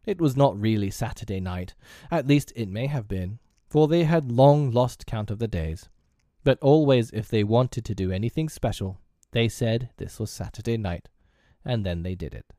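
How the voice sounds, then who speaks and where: A man reading a classic children's story aloud with expressive, lilting narration. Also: medium pitch, normal speed, no echo, clean studio sound.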